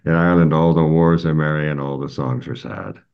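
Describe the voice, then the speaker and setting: An American man interviewing a guest in a friendly, relaxed way with occasional chuckles. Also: extremely low pitch, a little fast, gravelly, clean tone, narrow, tinny audio. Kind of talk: casual interview chat.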